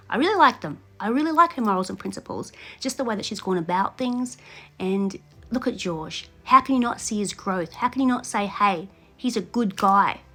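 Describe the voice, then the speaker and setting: A woman's voice: medium pitch, a bit bright. A woman giving casual, opinionated reaction commentary on a reality show, laughing often and acting out what she would say.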